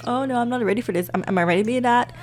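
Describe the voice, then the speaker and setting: A woman's voice: a little high, racing, voice pushed up, natural voice. A woman voicing a flustered young husband whose baby is coming, stammering in panic in a life-sim game. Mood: panicked. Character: flustered young husband about to become a dad.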